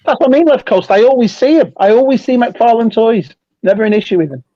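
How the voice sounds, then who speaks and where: Fast-talking man on dull dry audio. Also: extremely high pitch, no room sound. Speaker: toy show co-host. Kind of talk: casual chat.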